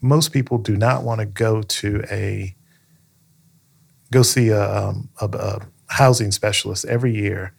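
This man's voice is heavily gravelly and husky, pitched a bit low. He talks earnestly as an interview guest, telling stories and checking in with the listener as he goes. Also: fairly even intonation, a little slow. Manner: earnest, storytelling, frequent "right?" check-ins. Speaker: county manager, interview guest. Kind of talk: conversational interview answers.

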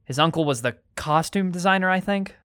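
A young actor playing an earnest, shy teenage boy in a radio drama, eager but quickly defensive. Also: sits high, fairly bright tone, clean tone.

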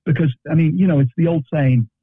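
A man's voice: on the high side, quick pace, breathy edge, no echo. A man talking as a guest counselor in a podcast conversation, earnest and repeating words as he gathers his thoughts. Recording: dry, tinny phone-like line.

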